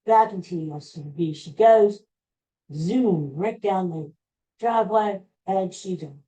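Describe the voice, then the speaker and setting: A man slowly retelling a personal story in a rambling, halting way, with frequent restarts. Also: high-pitched, warm tone, rough recording.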